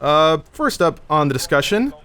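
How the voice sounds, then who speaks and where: An American man hosting a casual podcast, fast and jokey, sometimes reading ad copy. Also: on the high side, big pitch swings, fairly bright tone, clear, resonant tone. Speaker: podcast host.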